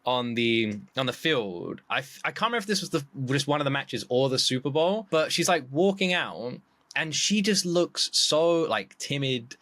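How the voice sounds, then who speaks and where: A man guesting on a podcast in casual chat, excitable, jumping into a high voice when acting out quotes. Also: normal speed, no room sound. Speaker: podcast guest, YouTube reactor.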